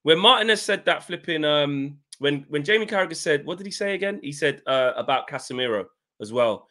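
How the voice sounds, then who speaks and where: A man's voice: a little high, expressive, brisk, bright, forceful tone. A man co-hosting a casual football chat, sarcastic, reading quotes aloud and swearing. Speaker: podcast co-host.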